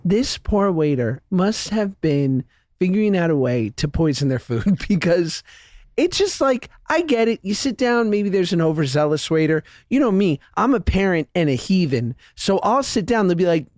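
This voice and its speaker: A man's voice: high voice, normal speed, no room sound, studio quality. A man co-hosting a comedy podcast, ranting playfully in casual banter. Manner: playful, jokey, animated ranting. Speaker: podcast co-host.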